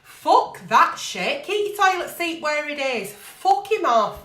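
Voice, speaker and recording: Blunt sweary agony aunt. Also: female voice, high voice, sing-song, slow pace, fairly bright tone, echoey room. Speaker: agony aunt show host. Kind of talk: live-streamed advice chat.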